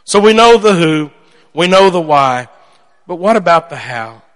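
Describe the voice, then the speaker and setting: A man preaches with lively storytelling energy, acting out voices as he goes. His voice sits a little high for a man. The sound carries a long reverb from a large hall. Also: unhurried. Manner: animated storytelling, acts out voices. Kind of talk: sermon.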